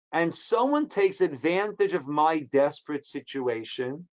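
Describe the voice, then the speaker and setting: In a high voice on a muffled recording, a male rabbi leads a Torah class, working through the text line by line and answering his own questions. He briefly voices the speakers in short, dramatic quotes.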